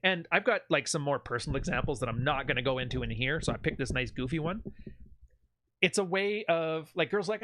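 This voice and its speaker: A man talks straight into a dry, close mic with a bright, tense edge to his voice. His pitch sits a little high for a man. He hosts a casual advice monologue and delivers it bluntly, with plenty of swearing. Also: animated, brisk, no echo. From Canada. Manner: blunt, profane, offhand. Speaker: channel host.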